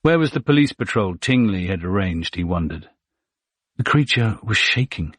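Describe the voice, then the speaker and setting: Man, thriller audiobook narrator, measured, husky, dry close recording. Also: low-pitched, no room sound. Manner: steady, measured storytelling.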